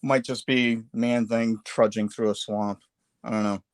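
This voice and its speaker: Low-voiced, halting male artist streamer. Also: flat delivery, clear, resonant tone, dry recording. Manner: halting, filler-heavy, self-deprecating. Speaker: artist hosting a live painting stream. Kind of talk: casual chat while sketching.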